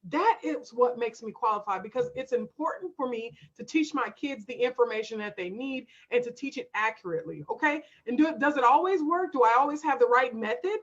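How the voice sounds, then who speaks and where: A woman's voice: on the high side, animated, a little fast, few pauses, dull audio. A woman coach hosting a live stream, emphatic and direct, calling her viewers y'all and reading out their comments.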